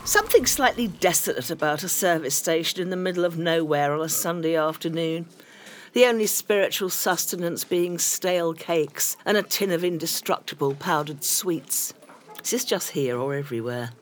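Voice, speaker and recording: A woman's voice: fairly low pitch, normal speed, slight background noise. A woman delivering a dry, wry scripted comic monologue.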